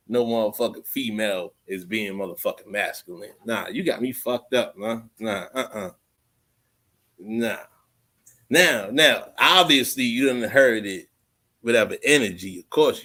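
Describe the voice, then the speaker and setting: A man hosting his own livestream, ranting off the cuff with heavy profanity. His pitch rides up and down with a lively, animated swing. He drops to mutters, then bursts out loud, repeating lines as he goes. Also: breathy edge. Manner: profane, rambling, repeats phrases. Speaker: livestream host. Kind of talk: unscripted livestream rant.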